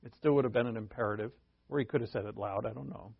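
A man's voice: medium pitch, rapid-fire, vocal fry, breathy edge, no room sound, lo-fi sound. A male preacher teaching a sermon verse by verse, in a conversational way that thinks aloud and asks rhetorical questions.

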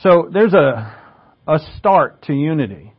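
A man's voice: on the high side, lively intonation, measured pace, dull audio. A man preaching a sermon as a pastor, explaining Greek words, asking rhetorical questions and rising in emphasis on key points.

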